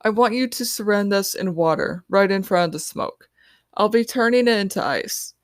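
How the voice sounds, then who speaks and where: A woman voicing a young female team leader who gives quick, quiet orders. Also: mid-range voice, lively intonation, dry recording, clean studio sound, pitched above the performer's own voice, close to an everyday voice. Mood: urgent. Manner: hushed, hurried orders.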